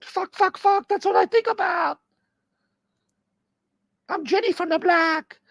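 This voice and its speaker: A shrill, whiny pop diva who squeals every demand in a high falsetto, as a man puts her on. The voice is loud and pushy, with a dry, close sound. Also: takes it slowly, creaky, no room sound, exaggerated voice. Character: shrill demanding female pop star, impression.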